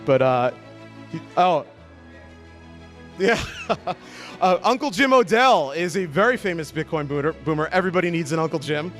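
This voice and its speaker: A man's voice: a little high, expressive, normal speed, long pauses, a bit bright, soft background music. A man hosting a joke awards show at a party, stammering a little as he jokes and reads out nominee quotes. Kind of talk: live awards presentation at a party. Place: after-party at a conference.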